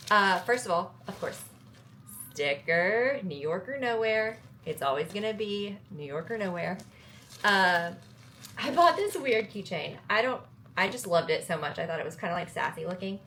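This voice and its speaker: A woman's voice: medium pitch, fairly bright tone, slight background noise. Chatty woman with a Southern accent. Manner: chatty, upbeat, self-joking. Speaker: travel vlogger. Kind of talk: casual vlog chat.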